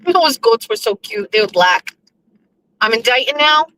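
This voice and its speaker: A woman in her fifties chatting casually from a moving vehicle, excitable and laughing, swearing freely. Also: a little high, measured pace, low-quality recording. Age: 50s. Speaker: vlogger. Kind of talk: casual chat. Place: riding in a vehicle.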